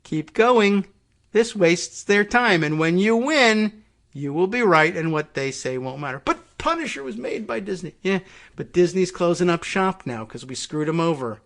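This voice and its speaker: Sarcastic high-voiced male podcast host. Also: expressive, normal speed, fairly bright tone. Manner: sarcastic, mocks opponents with put-on quotes. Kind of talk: political commentary monologue.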